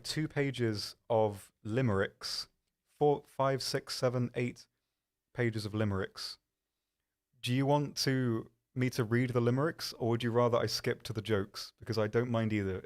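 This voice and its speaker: A man hosting a live stream, chatting casually in a rambling, self-deprecating way with lots of ums. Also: mid-range voice. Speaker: stream host.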